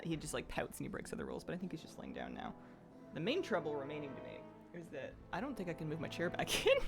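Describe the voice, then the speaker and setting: A woman live-streaming a game who chats casually, laughs often and coos at her pets in a high sing-song. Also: vocal fry.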